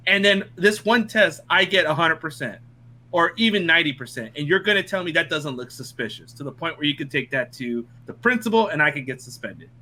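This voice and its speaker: A young man spins a funny tale among friends, his voice lively and leaping up and down in pitch. The tone is bright and forward. He laughs often and swears as he talks. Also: brisk. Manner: animated, laughing, swears freely. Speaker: podcast co-host. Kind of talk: casual storytelling among friends.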